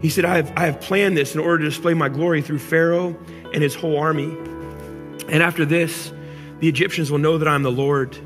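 Man, pastor, sermon, high-pitched, swings loud to soft, echoey church hall, faint music. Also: fairly quick. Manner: animated, acts out angry complaints to God then drops to soft intimate tones. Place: church auditorium.

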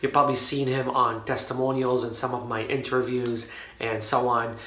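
A man's voice: medium pitch, little pitch movement, moderate pace, fairly bright tone. A man talking casually to camera in his office, rambling with many fillers and restarts as he addresses his viewers. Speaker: online marketing vlogger. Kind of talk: casual vlog talk to camera. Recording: roomy echo.

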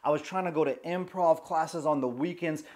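A man's voice: a little high, brisk, a little mellow. A man of about forty giving advice on social anxiety through a personal story, emphatic and constantly checking in with "okay?".

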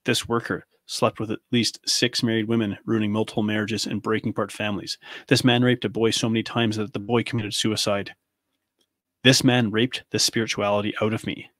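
A man's voice: fairly low pitch, fairly bright tone, dry recording, clean studio sound. A man in his thirties hosting a podcast, delivering an angry, impassioned monologue full of rhetorical questions. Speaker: podcast host.

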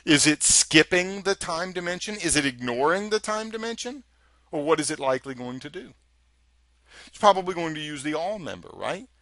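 A man walks through a technical lesson in an easy, talkative way, tossing in rhetorical questions as he goes. His voice is bright and forward, and it sits close and dry on the mic with no room sound. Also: on the high side, expressive, moderate pace, no room sound. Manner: chatty and conversational, asks rhetorical questions. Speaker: instructor. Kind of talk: recorded technical lecture.

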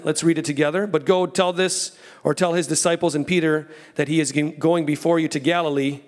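A man in his thirties preaching an evening sermon in a church, telling the story with soft low asides and excited raised lines. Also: fairly quick. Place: church sanctuary.

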